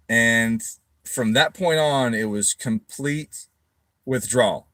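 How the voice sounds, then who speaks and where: A middle-aged man telling a story casually to camera, swearing freely and acting out his own quoted replies loudly. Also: on the low side, fairly even intonation, moderate pace, no echo. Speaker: tuning shop owner.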